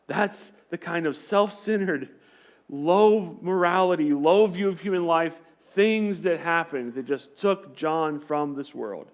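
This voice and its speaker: Guy preaching a sermon, high voice, chatty but keeps repeating his point for emphasis. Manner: conversational, emphatic repetition. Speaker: pastor.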